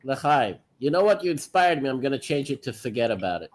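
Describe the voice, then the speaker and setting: A man calling in to a casual chat, making fussy, halting corrections with many restarts. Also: mid-range voice, very animated. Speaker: call-in guest.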